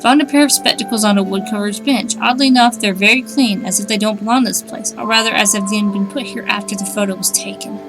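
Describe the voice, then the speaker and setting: A woman's voice: mid-range voice, fairly even intonation, fast talker, few pauses, music in the background. A woman streaming a game, chatting wryly, thinking aloud and reading on-screen text. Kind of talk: casual let's-play commentary.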